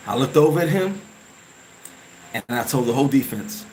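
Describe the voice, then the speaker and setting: A man hosting a vlog, telling an emotional story from his playing days in a casual, animated way, full of restarts and sound effects. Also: medium pitch, normal speed, slight background noise, poor audio. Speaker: vlog host.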